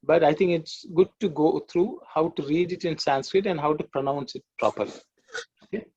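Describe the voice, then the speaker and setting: A man with a somewhat high, gravelly voice lectures to an online class. He explains at length, pausing on fillers and correcting himself mid-sentence. The sound is muffled and lo-fi, like a video call. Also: a little mellow. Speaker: Sanskrit teacher.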